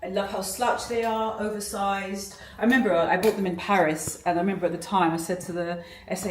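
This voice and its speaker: A woman's voice: mid-range voice, fairly even intonation, brisk, hardly any pauses. A young British woman chatting to camera in a gushing, chatty fashion vlog, full of fillers. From Britain. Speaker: fashion vlogger. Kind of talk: casual vlog chat to camera. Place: indoors and in a car. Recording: echoey, from a distance, faint noise.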